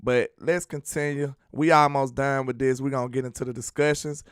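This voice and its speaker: A man hosting a sports fan show, talking in an animated, slangy way straight to his viewers. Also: mid-range voice, a little fast, smooth, dry recording, studio quality. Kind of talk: casual fan commentary with clips.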